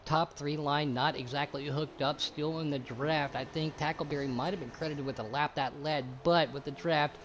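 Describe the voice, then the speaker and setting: A man calling an online sim race play-by-play, casual and excitable, with loud bursts and some cursing. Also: fairly high pitch, normal speed, hardly any pauses, noisy background. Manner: casual, curses freely. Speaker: race commentator. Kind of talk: sim racing play-by-play commentary.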